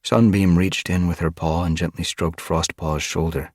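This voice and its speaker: A man reading a storybook aloud as narrator, steady and unhurried. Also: very deep voice, gravelly, dry recording, clean studio sound. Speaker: audiobook reader. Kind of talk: audiobook narration.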